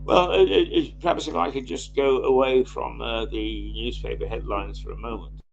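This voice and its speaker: A man with a croaky voice, co-hosting a casual news review and pausing often with fillers and restarts. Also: mid-range voice, steady tone, lo-fi sound, background noise. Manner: hesitant, many fillers and restarts. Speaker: co-host reading newspaper headlines.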